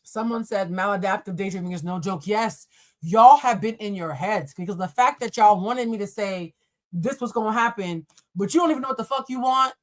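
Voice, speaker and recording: A woman's voice: medium pitch, fairly quick. Woman doing a live tarot reading, chatty and blunt, cusses and talks right at her viewers. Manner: animated, talks straight to viewers, swears and laughs often. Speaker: tarot reader.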